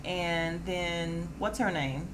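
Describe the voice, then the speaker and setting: A woman hosting a podcast, recapping a reality dating show in a sassy, animated way. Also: lowish voice, extremely slow, noisy background. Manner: sassy, animated, quotes cast members with attitude. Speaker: podcast host.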